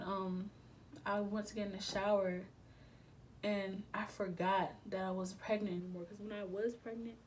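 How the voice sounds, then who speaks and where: A young woman talks straight to her audience in a storytime vlog. Her voice sits at an ordinary middle pitch, and her subdued, emotional delivery stays candid and full of slang and swearing. A faint hiss runs underneath. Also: a little mellow, poor audio. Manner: candid, slangy and profane, with repetitive phrasing. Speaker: vlogger.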